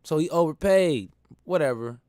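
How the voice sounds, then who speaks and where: A man telling stories in a casual monologue, animated and laughing, using slang. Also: fairly high pitch, normal speed, clean tone, no echo, studio quality. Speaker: host.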